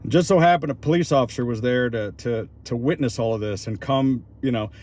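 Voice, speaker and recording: A man's voice: mid-range voice, brisk, a little mellow. A man vlogging outdoors in a city on his phone, rambling, repeating words and retelling conversations. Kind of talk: casual vlog recap.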